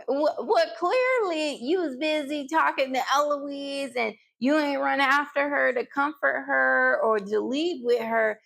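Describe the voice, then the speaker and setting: A woman chatting casually through a TV episode review, animated, with big jumps in pitch when she quotes characters. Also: unhurried, creaky, hardly any pauses. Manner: talks straight to her pets between points.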